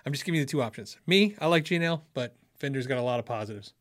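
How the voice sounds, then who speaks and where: A man's voice: medium pitch, lively intonation, very fast, no echo. Rambling middle-aged man, dry close sound. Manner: rambling, self-correcting, chuckles often. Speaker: livestream host reading chat. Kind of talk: casual storytelling chat.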